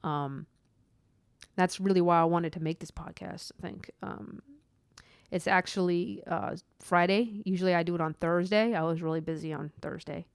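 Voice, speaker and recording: A woman's voice: fairly low pitch, steady tone, moderate pace, vocal fry, clean tone, no echo. A woman hosting her own faith podcast, talking in an earnest, rambling way with lots of asides. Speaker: podcast host. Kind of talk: personal faith podcast monologue.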